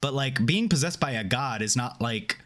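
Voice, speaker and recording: A man's voice: mid-range voice, moderate pace. Chatty man recapping an episode. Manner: animated retelling with filler words. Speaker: podcast co-host. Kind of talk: casual chat.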